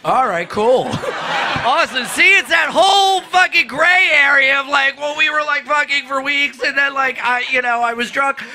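A high-pitched man rattles off profane stand-up and riffs with the crowd between bits. The live club recording carries a steady hiss of noise. He shouts and swears freely. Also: normal speed. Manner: loud, profane, jumps into shrieking bits. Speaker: stand-up comedian. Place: comedy club with live audience.

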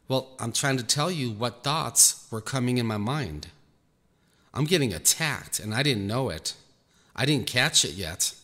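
A man, a Christian minister, telling a personal testimony in an earnest, halting way, repeating words as he goes. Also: medium pitch, a bit bright. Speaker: Christian minister recounting an experience. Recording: echoey room, faint music behind.

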